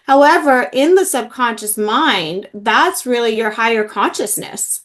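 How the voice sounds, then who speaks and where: Earnest woman healer, fairly high voice. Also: expressive, measured pace, fairly bright tone. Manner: earnest, many fillers. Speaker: emotional healing practitioner. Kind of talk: interview, personal story.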